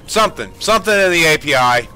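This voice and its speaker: A man commentating his own gameplay in a bright, forceful voice that swings up and down a lot. He rants in exasperation and swears freely, with faint music playing behind him. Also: fairly high pitch, expressive, quick pace. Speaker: gaming streamer.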